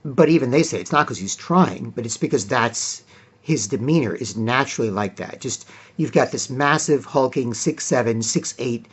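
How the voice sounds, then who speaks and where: A man giving casual solo sports commentary, rambling with frequent fillers and clearing his throat often. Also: medium pitch.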